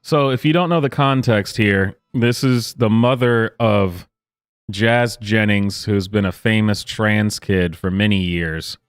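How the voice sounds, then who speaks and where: A man's voice: lowish voice, slow, clean tone, no room sound, clean studio sound, soft background music. A man hosting a reaction commentary, incredulous and sarcastic, with frequent exclamations. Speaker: commentary host.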